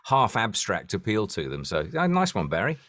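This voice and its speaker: A man's voice: on the low side, wildly swooping pitch, moderate pace, a bit bright. A man chatting casually on a video call, making dry, joking remarks. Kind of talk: casual chat.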